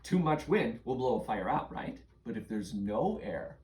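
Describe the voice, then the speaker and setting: A woman's voice: rumbling low, very animated, normal speed, a little mellow, echoey room. A woman running a tabletop game for a child, asking patient questions and narrating the scene. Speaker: game master.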